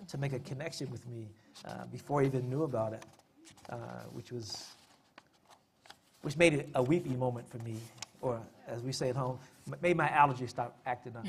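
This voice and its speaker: With a mid-range voice and a faint hiss or hum in the audio, a man gives a public talk on family history and poetry. He keeps it conversational, using frequent fillers and dry, self-mocking humor.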